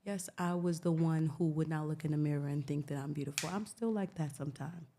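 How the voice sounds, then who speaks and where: Deep, flat-voiced earnest woman. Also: fairly quick. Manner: earnest and reflective, speaks of faith. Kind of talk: casual podcast talk.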